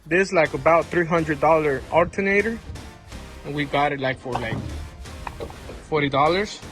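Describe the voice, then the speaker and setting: A man's voice: a little high, normal speed, over music. Plain-talking man mechanic. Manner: plain, informal walk-through explaining parts and prices. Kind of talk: casual how-to repair vlog.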